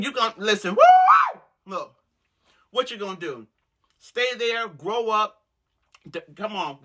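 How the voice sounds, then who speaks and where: A woman host preaching to women with loud, exuberant energy, breaking into whoops and repeated calls to listen. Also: fairly low pitch.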